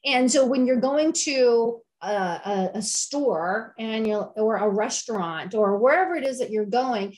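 A middle-aged woman with a somewhat high voice speaks as a health-minded chef in an interview. She talks eagerly and a little preachily, circling back to repeat her points for emphasis. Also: unhurried, few pauses, a little mellow. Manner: enthusiastic, repetitive, preachy. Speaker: health and wellness chef, guest. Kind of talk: conversational interview.

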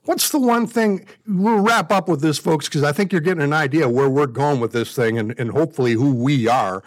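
A man's voice: a little high, a little fast. A man in his fifties from the United States, co-hosting a podcast and talking candidly in a rambling, self-deprecating way with frequent restarts. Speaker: podcast co-host. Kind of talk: casual conversation.

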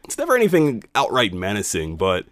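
A radio host tells a personal story in an animated, emphatic way. His pitch moves freely and expressively. The sound is dry and close, with no room echo. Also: fairly quick.

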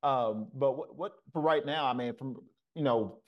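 A man hosting a casual podcast interview, asking questions in a halting way with many restarts. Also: mid-range voice. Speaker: podcast host. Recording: slightly dull lo-fi sound.

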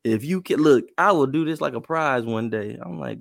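A man co-hosts a podcast in casual conversation, his mid-range voice gravelly, animated and brisk, and he laughs often. The studio-quality recording has no room sound.

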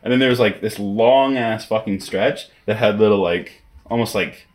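A man's voice: fairly low pitch, normal speed. Swearing young man telling a story. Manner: swears a lot, laughs through story. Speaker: podcast co-host. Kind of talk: casual chat, storytelling.

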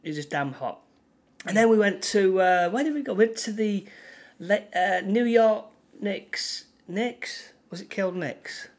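A man's voice: high voice, expressive, a little slow. A man with a Manchester accent co-hosting a casual podcast, telling a rambling story full of restarts and fillers. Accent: Mancunian English. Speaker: podcast co-host. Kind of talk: casual chat.

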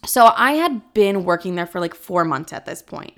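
A young woman in her twenties chatting casually through a story, quick and full of fillers. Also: on the low side, animated, fairly bright tone. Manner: chatty, fast, laughing, lots of "like".

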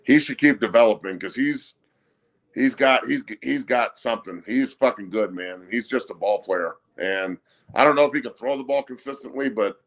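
Gravelly-voiced guy talking football, cusses a lot, gets heated. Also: medium pitch, moderate pace. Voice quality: profane, heated, cursing. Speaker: guest commentator. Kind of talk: casual sports talk.

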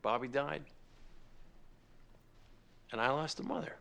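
A bitter, sarcastic son in a TV drama who takes on the mother who abandoned him. His voice swings widely in pitch, and he speaks with hard-edged resentment. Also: very animated, takes it slowly, vocal fry, heavily acted. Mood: anguished. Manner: sarcastic, rising to shouting. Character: grown man confronting his estranged mother, bitter. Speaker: grandson caring for his grandmother. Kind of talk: TV drama acting.

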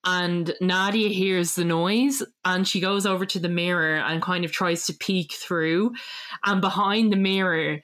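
A woman's voice: on the low side, steady tone, unhurried, a bit bright. A woman, hosting a casual chat and animatedly retelling a story, acting out quotes and laughing often. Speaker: podcast host. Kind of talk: casual chat recapping a reality show.

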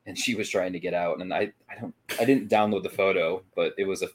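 A man's voice: low-pitched, fast, slight background noise. A man co-hosting a paranormal podcast, casually recapping a ghost-hunting night, rambling with frequent restarts. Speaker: paranormal investigation podcast co-host.

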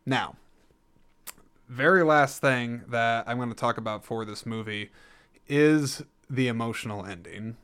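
A man talks through a film review on his own show in an easy, joking way, wandering off track and correcting himself. His voice is smooth and clean, sitting at an ordinary middle pitch. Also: a little slow, fairly bright tone. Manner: rambling, jokey, self-correcting. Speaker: podcast host reviewing a film. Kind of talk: casual solo film review.

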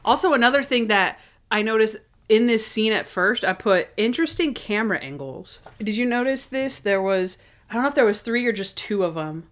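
A woman's voice: animated, fairly quick. Chatty young woman co-hosting a podcast. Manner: chatty, lots of "like", acts out scenes in high voices. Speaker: podcast co-host. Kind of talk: casual chat.

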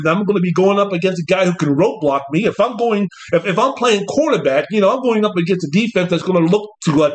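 A man with a fairly high voice hosts a loose sports talk show. He rambles and stays animated, with mocking asides and quick impressions of coaches. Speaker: podcast host. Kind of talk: casual sports talk monologue.

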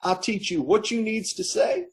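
A man voicing his young, street-smart male prison cellmate, talking quick and blunt. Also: high-pitched, very animated, pitched above the performer's own voice. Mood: confident.

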